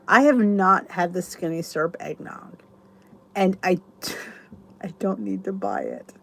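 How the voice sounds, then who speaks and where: A woman's voice: fairly low pitch, very animated, slow pace, gravelly, a bit bright. A middle-aged woman hosting her channel, chatting casually and enthusiastically to viewers in a rambling way. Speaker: YouTube channel host.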